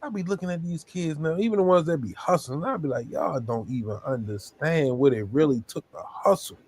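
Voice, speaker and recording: Lively, dry-sounding man in banter. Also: a little high, husky, dry recording. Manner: quick, joking banter. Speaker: podcast co-host. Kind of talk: casual chat.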